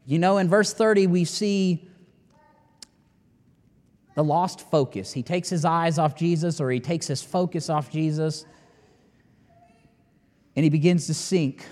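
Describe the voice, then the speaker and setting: A man preaching with a notably high voice, pressing his points hard and letting long pauses hang. His sermon rings out with a long, lingering reverb, as if filling a big church sanctuary. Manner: emphatic, rising to near-shouting at climaxes with long dramatic pauses. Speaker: pastor. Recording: long reverb of a large hall.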